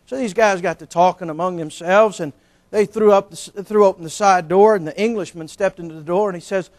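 Middle-aged preacher guy, high voice, folksy jokes before the sermon. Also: fairly quick. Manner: folksy, joking, storytelling. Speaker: pastor.

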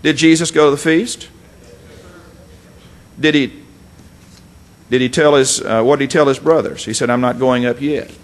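A man's voice: medium pitch, steady tone, moderate pace, pauses often. A man preaching a folksy, emphatic sermon, reading scripture and adding asides.

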